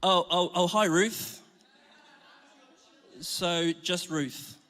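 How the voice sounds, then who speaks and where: A man's voice: sits high, fairly even intonation, very slow, fairly bright tone. A man from Scotland giving a chatty, self-mocking sermon as a church preacher. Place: large church hall. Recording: reverberant church hall.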